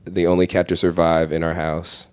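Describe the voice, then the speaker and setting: A man's voice: low-pitched, level tone, moderate pace, clear, resonant tone. A man guesting on a podcast as a comedian, chatting casually and joking with loose, profane talk. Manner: laid-back, joking, swears casually. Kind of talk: casual chat. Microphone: podcast microphone.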